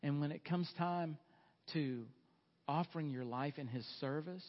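Middle-aged male pastor, earnest sermon voice with folksy asides, a little high, muffled lo-fi recording. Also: a little slow. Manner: earnest, presses with rhetorical questions, folksy asides.

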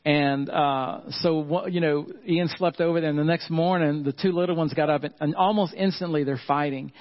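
A middle-aged man, preaching a sermon earnestly and slowing down and softening on key points. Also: on the high side, steady tone, highs cut off. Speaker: pastor.

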